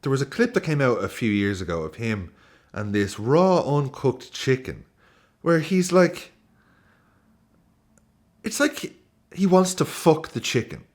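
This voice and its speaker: A man talks about football in a loose, casual way, full of laughs and swearing. His pitch bounces all over the place, and his delivery stays animated and expressive throughout. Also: measured pace, pauses often. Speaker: football YouTuber.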